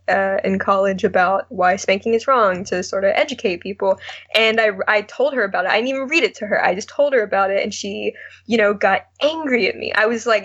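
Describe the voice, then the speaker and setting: A woman's voice: a little high, fairly bright tone, highs cut off. A young woman calling in to a talk show, speaking hesitantly with many fillers. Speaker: caller. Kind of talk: call-in conversation.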